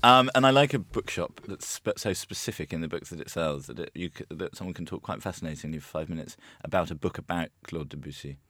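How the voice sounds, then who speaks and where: A man's voice: low voice, fast talker, hardly any pauses, fairly bright tone, no echo. A man presenting on the radio, in wry, casual studio banter.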